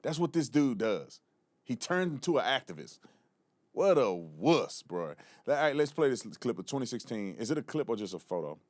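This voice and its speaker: A man's voice: mid-range voice, big pitch swings, moderate pace, no echo. A man hosting a live political commentary show, blunt and mocking in his remarks. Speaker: show host.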